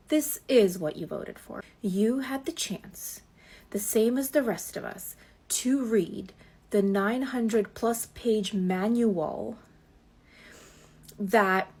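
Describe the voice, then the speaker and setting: A woman's voice: mid-range voice, a little mellow, husky. A woman delivering a lecturing social media rant to camera. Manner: lecturing, deliberate.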